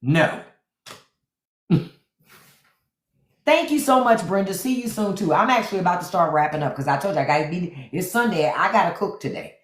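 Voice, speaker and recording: A woman hosting a casual livestream from home, telling playful stories with excited outbursts, speaking. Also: on the low side, moderate pace, pauses often, echoey room. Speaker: livestream host.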